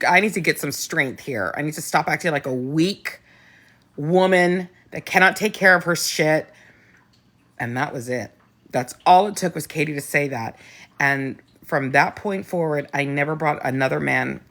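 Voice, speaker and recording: Low-voiced blunt woman host. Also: fairly bright tone. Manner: candid, blunt, swears, many restarts. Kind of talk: casual live chat.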